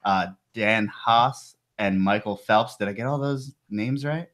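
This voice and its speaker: A man's voice: lowish voice, measured pace, fairly bright tone. A man hosting a podcast, chatting casually and joking, often laughing. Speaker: podcast host. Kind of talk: casual chat.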